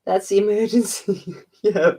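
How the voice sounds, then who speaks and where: A woman's voice: mid-range voice, fairly even intonation, a little slow, mellow, slightly rough. Giggly Australian woman chatting live. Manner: playful, giggly, laughs often. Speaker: livestream host. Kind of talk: casual chat with viewers while colouring.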